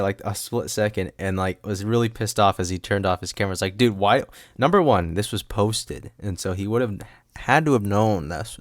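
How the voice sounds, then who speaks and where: Solo podcast host: deep-voiced man with a lively, bouncy delivery, rambling and goofy, recorded dry at a desk mic. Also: dry recording. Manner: rambling, laughs often, goofy asides. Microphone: studio microphone.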